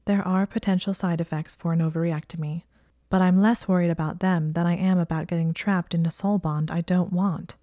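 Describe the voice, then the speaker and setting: A woman's voice: fairly low pitch, fairly even intonation, fairly quick, mellow, no echo, lightly acted. Brief: defensive, teary young witch voiced by a woman narrator, dry close read, storybook audio. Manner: earnest, defensive, tearful.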